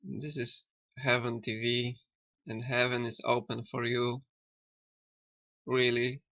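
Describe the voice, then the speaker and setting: A man who learned later in life talks slowly, halting and repeating himself. His voice is gravelly and the recording is dry and dull, as if taken close up with a cheap mic. He muses on a cartoon in a loose, spiritual way. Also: mid-range voice, flat delivery, dry recording. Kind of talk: rambling spiritual commentary on a cartoon. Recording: dull lo-fi sound.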